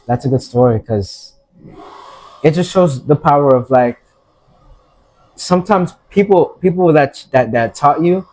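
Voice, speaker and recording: A man's voice: medium pitch, warm tone, rough recording. A young man co-hosting a casual podcast chat, laid-back, with frequent affirming murmurs.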